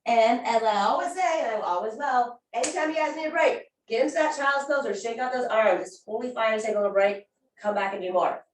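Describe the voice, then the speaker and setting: A woman's voice: on the high side, fairly quick, slight background noise. A woman fitness instructor leading a core workout class with upbeat, encouraging, chatty cues. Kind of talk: guided workout class cueing. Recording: echoey room from far off mic.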